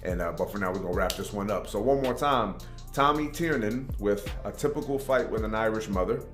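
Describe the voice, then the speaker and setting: A man's voice: on the low side, brisk, fairly bright tone, echoey room, soft background music. A man hosting a reaction video, chatting casually and rambling, with "man" and "you know" in every other sentence. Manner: laid-back, rambling, says "man" and "you know" often.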